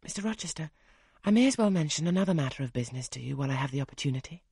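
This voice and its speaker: Audiobook voice: a man reading a quietly firm young governess with a soft, measured manner. The tone is husky and sits in the middle range. The recording is dry and close. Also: fairly high pitch, expressive, no room sound, exaggerated voice. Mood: polite. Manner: polite, measured, soft-spoken.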